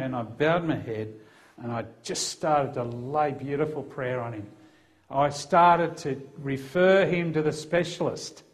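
Australian man, middle-aged, fairly high voice, emphatic preaching, heartfelt testimony. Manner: earnest, emphatic storytelling. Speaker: Christian police officer giving testimony.

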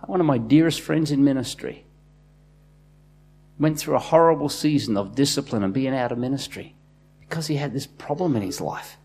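A man preaches from the pulpit, his voice husky and slightly breathy. He pushes hard on key lines with rising force, then falls back to low, confiding asides, all in a middle register. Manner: impassioned, swinging from loud bursts to quiet asides. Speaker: pastor. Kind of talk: sermon.

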